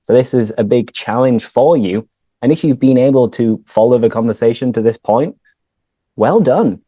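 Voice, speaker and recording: A man, a teacher chatting casually with a friend and clearly explaining words and phrases for learners over a video call. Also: medium pitch, moderate pace, warm tone, no echo. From northern England. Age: 30s. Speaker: English teacher and host. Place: home room, on a video call.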